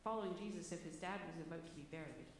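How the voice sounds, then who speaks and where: A woman's voice: on the low side, racing. A woman preacher giving a conversational, storytelling sermon, self-deprecating and chatty, in a church hall. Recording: echoey hall, faint background noise.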